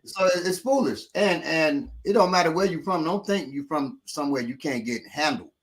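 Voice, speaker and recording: Guy with a kinda high voice, telling stories all slangy and cussing, laid-back chat. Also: normal speed. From Chicago. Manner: animated, profane, slangy storytelling. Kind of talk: casual storytelling chat.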